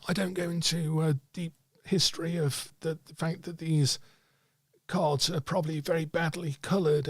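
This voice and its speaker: A man's voice: a little high, no room sound. A man teaching tarot reading in a livestreamed talk, thoughtful and hesitant, with many fillers and restarts.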